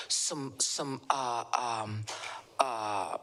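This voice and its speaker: A woman from the American South, an author telling stories in conversation at a live literary event, animated and acting out the voices of people she quotes. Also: very deep voice, slow, slight background noise. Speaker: author guest. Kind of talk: conversational storytelling.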